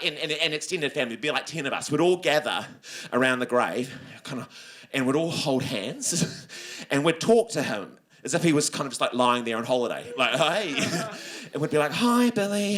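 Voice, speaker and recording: Animated New Zealand man doing stand-up. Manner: animated, swings between high squeals and low grumbles, acting out characters. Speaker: stand-up comedian. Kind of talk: stand-up storytelling. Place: comedy venue with laughing audience.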